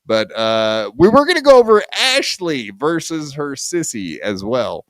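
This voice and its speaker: Podcast host guy, swearing and ribbing his cohost, smooth clear voice, dry close mic. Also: mid-range voice, big pitch swings, measured pace, a bit bright, dry recording. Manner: profane, teasing, sarcastic. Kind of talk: casual podcast banter.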